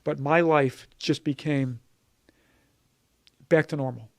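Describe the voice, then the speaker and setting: A man in his fifties sharing a personal testimony in conversation, speaking in a halting, earnest way with many fillers and restarts. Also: a little high, fairly even intonation, creaky, dry recording. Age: 50s.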